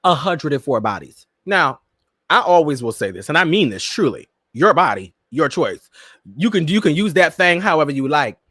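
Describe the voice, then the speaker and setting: A sassy, campy man hosting a pop-culture chat show, his voice swooping high and low as he teases his listeners. He sits close to the mic in a dry, dead room. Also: moderate pace, no room sound. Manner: sassy, campy, animated, addresses listeners as "girl" and "Miss Thing". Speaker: podcast host. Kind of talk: casual pop-culture commentary.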